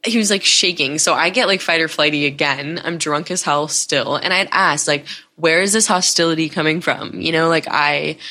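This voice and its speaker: A young woman hosts her own podcast and tells a long personal story in a loose, candid way, full of "like" and "you know". Her voice sits low for a woman, yet it comes across bright and forceful. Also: moderate pace, hardly any pauses. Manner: candid, rambling, heavy use of "like". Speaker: podcast host. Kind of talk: casual storytime monologue.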